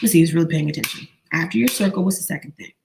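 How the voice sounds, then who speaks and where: Animated woman coaching a live class. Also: sits low, very fast, creaky, background noise. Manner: animated, repetitive call-and-response questioning. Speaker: online business coach. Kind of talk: live online training, quizzing viewers.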